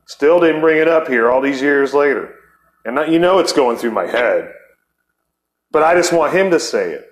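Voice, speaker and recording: A man's voice: a little high, lively intonation, moderate pace. Profane, rambling middle-aged man. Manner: profane, rambling, acts out quoted voices. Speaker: podcast host. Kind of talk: casual storytelling chat.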